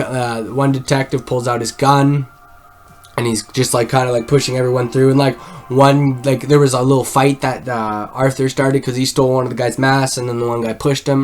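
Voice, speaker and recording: Rambling, swearing man recapping a film. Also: mid-range voice. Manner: rambling, swears a lot, heavy use of "like". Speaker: film reviewer.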